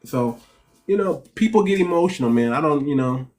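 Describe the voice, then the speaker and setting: A man's voice: on the high side, animated, brisk, a little mellow, faint music behind. A man talking on a livestream as a relationship coach and host, blunt and direct, often restarting his sentences and repeating words. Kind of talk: casual livestream talk.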